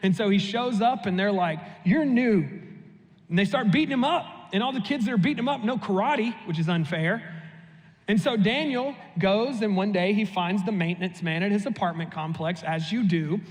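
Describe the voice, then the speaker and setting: A young man preaching with a high, light voice, telling stories with dry humor and a loose, chatty flow. His voice carries a long reverb tail through the church sanctuary. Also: brisk. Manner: humorous, conversational storytelling. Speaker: pastor. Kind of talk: sermon.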